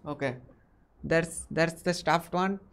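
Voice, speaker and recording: A man's voice: on the high side, slow, a bit bright, clean tone. A man from India hosting a casual video chat with strangers, asking question after question with frequent restarts, heard over a video call. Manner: curious, asks many questions, frequent restarts. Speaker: host.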